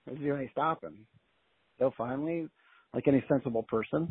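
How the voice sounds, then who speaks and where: A man telling a long story in a casual, colloquial and animated way as an interview guest, heard over a phone line. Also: mid-range voice, fairly quick, breathy edge, dry recording. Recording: tinny dry phone line.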